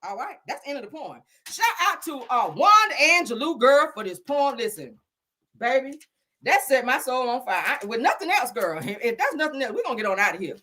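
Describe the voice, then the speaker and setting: Here a woman with a bright, forceful, high-pitched voice hosts a celebrity gossip show, talking a little fast and with great animation. Her casual comic monologue is sassy and over the top; she invokes the Lord and Jesus and constantly addresses her audience as child, honey and girl.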